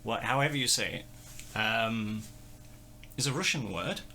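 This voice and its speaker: Guy rambling thru a band review, gravelly low-ish voice but kinda bright, laughs at himself. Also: expressive, unhurried, a little hiss or hum. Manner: rambling, self-deprecating, chuckling. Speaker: host. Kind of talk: casual music review chat.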